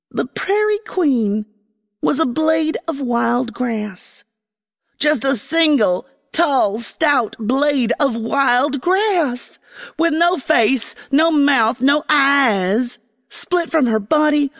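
A woman narrating a first-person fantasy story in an expressive, dramatic way. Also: high voice, in a large hall. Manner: expressive, dramatic, voicing a young girl.

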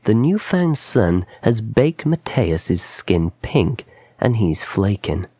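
A man reading a short story aloud as narrator, measured and hushed in its quiet moments. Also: lowish voice, big pitch swings, breathy edge, no room sound. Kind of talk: scripted narration.

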